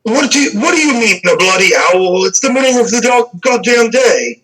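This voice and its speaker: A man voicing a gruff, swearing male captain in a tabletop game. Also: extremely high pitch, animated, moderate pace, bright, forceful tone, voice pushed up, full character voice, low-quality recording. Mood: annoyed. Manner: brusque, swearing.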